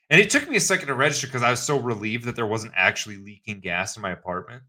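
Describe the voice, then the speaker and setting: A man co-hosting a podcast in casual chat, ranting in animated bursts of mock anger. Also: mid-range voice, very fast, few pauses. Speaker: podcast co-host.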